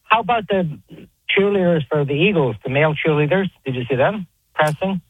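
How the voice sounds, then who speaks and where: A man's voice: fairly high pitch, a little fast, slightly rough, dry recording. A man who calls in regularly, rambling about sports. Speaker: regular caller. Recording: phone line.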